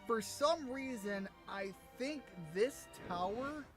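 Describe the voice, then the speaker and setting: A man's voice: extremely high pitch, lively intonation, takes it slowly, over music. An American man streaming a game, chatting casually in a rambling, joking, self-mocking way. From United States. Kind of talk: casual gameplay commentary.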